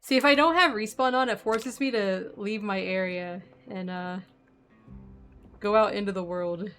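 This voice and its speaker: A woman streaming a game, chatting loosely as she plays and thinking out loud with plenty of trailing fillers. Her mid-pitched voice sounds a little worn, as if she is losing it, and faint game music plays underneath. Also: a little slow. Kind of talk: casual gameplay commentary.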